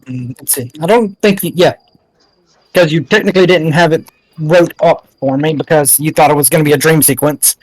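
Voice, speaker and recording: A man playing in a live-streamed tabletop game, talking through his character's actions in a plain, deliberate way. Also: on the high side, dry recording, rough recording. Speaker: player. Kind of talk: in-character tabletop play, casual.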